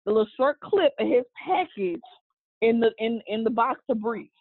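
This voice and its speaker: A woman co-hosting a podcast in casual, animated chat, gushing and swearing freely. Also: on the high side, normal speed, slightly rough, no echo. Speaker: podcast co-host. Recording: tinny phone-like line.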